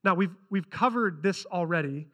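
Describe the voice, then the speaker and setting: A man's voice: high-pitched, moderate pace, pushed and bright. A man preaching a sermon who reads scripture aloud and earnestly repeats key lines for emphasis. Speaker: pastor.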